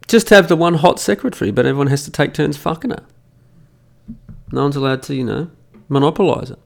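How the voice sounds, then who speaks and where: A man's voice: fairly high pitch, brisk, creaky, long pauses. A middle-aged Australian man hosting a solo podcast, ranting profanely in a mocking, emphatic way into a studio microphone. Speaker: podcast host.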